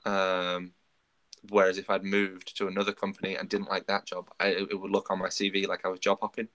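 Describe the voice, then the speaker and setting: Fast-talking deep-voiced man. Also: monotone, fairly bright tone. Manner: storytelling, acts out quoted dialogue. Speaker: podcast co-host. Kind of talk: casual chat.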